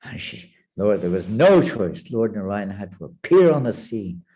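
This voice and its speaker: A man teaching a spiritual class, telling a sacred story in a vivid, animated manner. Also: lowish voice, normal speed.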